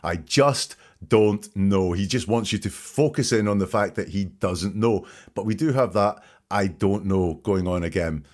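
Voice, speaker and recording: A man hosting a podcast, calmly picking apart interview answers phrase by phrase. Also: fairly low pitch. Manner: measured, dissecting each phrase. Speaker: podcast host. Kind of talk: analytical commentary on interview clips.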